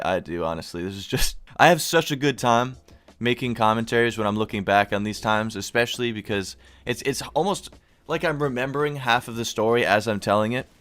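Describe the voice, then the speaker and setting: Profane young stoner vlogger. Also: male voice, on the low side, brisk, fairly bright tone, no echo. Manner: loose, profane, stoner slang. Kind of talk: casual storytime commentary.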